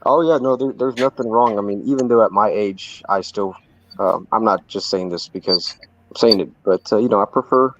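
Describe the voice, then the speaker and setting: A man's voice: lowish voice, normal speed, highs cut off, a little hiss or hum. A man in his thirties, a paranormal investigator, chatting casually in a group and talking hesitantly. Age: 30s. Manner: hesitant, many fillers and restarts.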